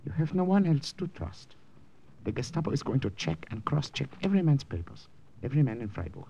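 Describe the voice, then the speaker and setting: A timid clerk finding his courage in a 1940s radio drama. His gravelly voice rises and falls lively as he speaks earnestly and haltingly. The recording is muffled, with a faint hiss. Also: medium pitch. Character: timid middle-aged male clerk turning brave. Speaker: administration clerk.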